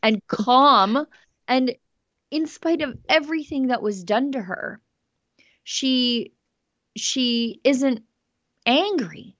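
A woman hosting a news commentary show, talking in an emphatic, animated way. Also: high-pitched, takes it slowly, long pauses, dry recording, highs cut off. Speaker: host.

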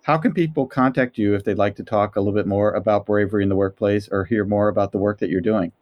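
A man's voice: fairly low pitch, fast, lo-fi sound. A man hosting a podcast interview, summarizing advice politely and giving the sign-off. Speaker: podcast host. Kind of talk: interview and outro.

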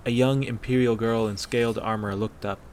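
A man narrating a fan-fiction story aloud in a steady, measured way. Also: medium pitch, a little hiss or hum.

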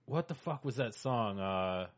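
A man's voice: lowish voice, lively intonation, unhurried. A man in casual podcast chat who rambles, searching for words with many fillers and restarts.

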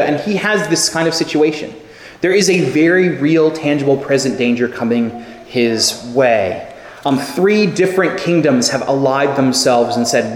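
A man preaching a sermon, telling stories with lively acted-out quotes. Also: on the high side, slight background noise. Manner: animated storytelling with acted quotes. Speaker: pastor. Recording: echoey hall with long reverb.

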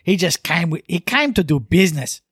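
A man hosting a casual sweary chat, excitable and bantering. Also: fairly high pitch, brisk, slightly rough, no room sound, studio quality. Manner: excitable, sweary, banters and does mocking voices. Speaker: podcast host.

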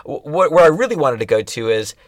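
A middle-aged man co-hosting a podcast, talking things through in a thoughtful, halting way with many restarts. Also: on the high side, sing-song, no room sound, studio quality. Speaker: podcast co-host. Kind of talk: casual chat.

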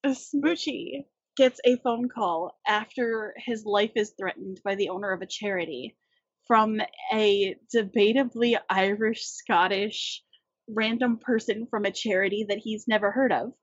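A woman co-hosting a casual movie podcast, recapping scenes in lively detail. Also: mid-range voice, measured pace, slightly rough, no room sound. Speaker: podcast co-host. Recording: dull lo-fi audio.

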